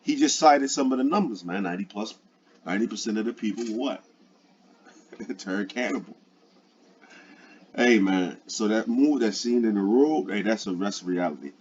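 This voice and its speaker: Low-voiced casual street preacher. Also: male voice, expressive, normal speed, pauses often, darkish tone, muffled recording, a little hiss or hum. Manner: loose, profane, conversational with fillers. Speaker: online preacher.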